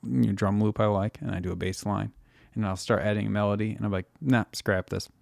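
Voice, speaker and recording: A man's voice: on the low side, level tone, fast, creaky, a little mellow, no room sound, studio quality. A man hosting a casual podcast chat with friends, laid-back and joking, a bit tipsy. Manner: laid-back, joking, trailing off mid-thought. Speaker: podcast host.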